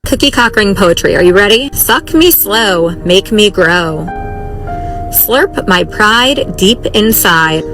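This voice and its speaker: A woman reading suggestive rhymes slowly and drawn out in a social media clip. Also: mid-range voice, expressive. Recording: social video clip over loud music.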